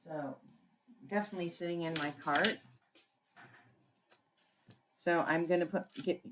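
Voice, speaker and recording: A woman with a low voice walks through a crafting tutorial at her desk. She talks casually and thinks aloud as she works, pausing to clear her throat. Faint clicking sounds come from her tools in the background. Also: fairly even intonation, background noise. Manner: chatty, thinking aloud while working, frequent throat clearing. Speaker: papercraft demonstrator.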